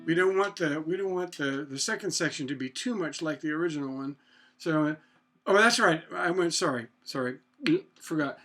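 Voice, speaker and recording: A man with a high voice talks through a songwriting lesson in a loose, thinking-aloud way. He breaks into hummed snippets while guitar plays clearly behind him. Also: a little fast, fairly bright tone. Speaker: songwriting teacher.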